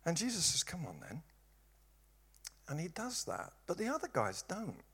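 A man's voice: high voice, wildly swooping pitch, a little fast, pushed and bright, breathy edge. A man from East London with a local accent, preaching a sermon with humorous storytelling and wry jabs. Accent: East London English. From East London, England.

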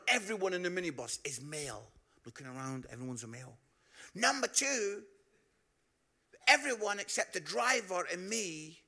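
Animated Scottish preacher, high and gravelly. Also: male voice. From Scotland. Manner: animated, bursts into shouts and drops to hushed tones; frequent tag "yeah?" to the crowd. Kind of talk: storytelling sermon.

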